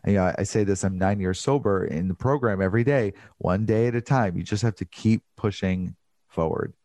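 A man's voice: lowish voice, fairly quick, darkish tone, dry recording. A man being interviewed about his book, talking earnestly and emotionally with many restarts. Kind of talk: candid interview conversation.

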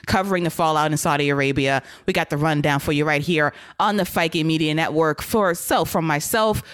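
A woman hosting a casual wrestling podcast, lively and blunt, laughing often. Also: sits low, a little fast, clean tone, dry recording. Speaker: podcast host.

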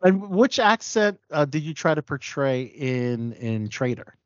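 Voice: medium pitch, big pitch swings, a little slow, dry recording. Dry, dull-sounding friendly interviewer. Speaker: interviewer host. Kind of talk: casual interview.

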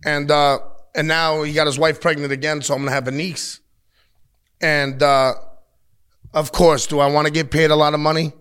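Man in his thirties, blunt and profane, animated storyteller, higher-pitched voice. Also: normal speed, pauses often, clear, resonant tone. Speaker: pro wrestler, interview guest. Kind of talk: casual interview talk. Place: at a wrestling show taping.

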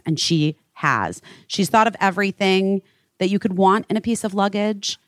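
A woman hosting a live podcast chat on stage, telling stories in a lively, profane, casual way. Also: mid-range voice, moderate pace, dry recording, studio quality. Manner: animated, swearing storyteller. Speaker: podcast host.

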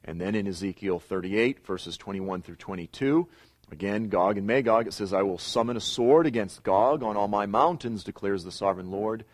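A man's voice: on the low side, normal speed, dry recording. A man teaching a recorded Bible lesson, reading scripture aloud and pressing his points with emphatic rises. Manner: emphatic, builds to louder insistent peaks; reads scripture passages aloud.

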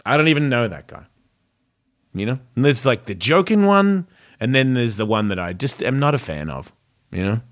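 A man's voice: medium pitch, expressive, a little fast, fairly bright tone. A man hosting a podcast, telling a story in a rambling, self-reflective way. He swears freely and often restarts his sentences. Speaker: podcast host. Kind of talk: casual storytelling monologue.

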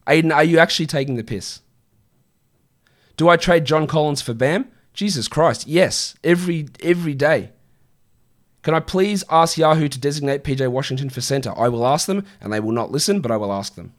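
A man's voice: fairly high pitch, lively intonation, fairly quick. A man in his thirties hosting a casual fantasy basketball stream, answering viewer questions in a blunt, exasperated way with plenty of swearing. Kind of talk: casual livestream Q&A.

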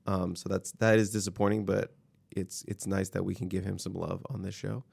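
A man co-hosting a sports podcast with a worn-out, hoarse voice and a flat, low-energy delivery. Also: moderate pace. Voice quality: gravelly. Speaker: podcast co-host. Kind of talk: casual sports chat.

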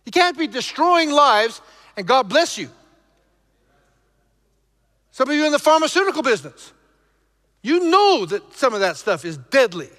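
A male pastor preaching emphatically to his congregation, shifting between loud exhortation and low, intense passages. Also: sing-song, unhurried, long pauses, long reverb tail. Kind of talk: preaching a sermon.

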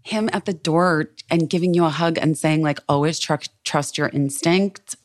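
A woman in her forties hosting a podcast in casual chat, gushing and effusive. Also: low-pitched. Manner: gushing, effusive, quick to enthuse. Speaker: podcast host.

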